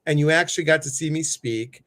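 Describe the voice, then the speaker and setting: A man's voice: brisk, fairly bright tone. Playful man hosting a live stream. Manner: playful, jokey, swings his voice up high. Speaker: host of a live show. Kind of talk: casual live-stream chat, greeting viewers.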